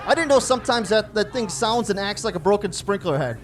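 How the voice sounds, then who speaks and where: Over a noisy background, a high-pitched, expressive man talks briskly through a stand-up routine. In his forties, he jokes at his own expense while recounting stories about his daughters and voicing their dialogue.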